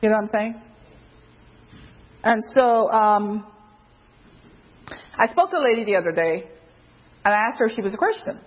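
A woman preaching an informal sermon, loose and conversational, with many fillers, who jumps higher in pitch when she quotes someone. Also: expressive, normal speed, pauses often, husky. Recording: dull lo-fi recording.

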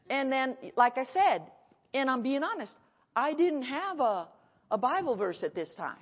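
A woman pastor preaching an animated sermon at a conference and acting out her dialogue, recorded in an echoey hall. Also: high voice, normal speed. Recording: echoey hall, dull sound.

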